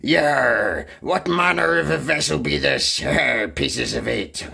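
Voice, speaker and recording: A man putting on a gruff old-time pirate voice with drawn-out exclamations. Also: mid-range voice, animated, pushed and bright, a little hiss or hum, pitched above the performer's own voice, full character voice.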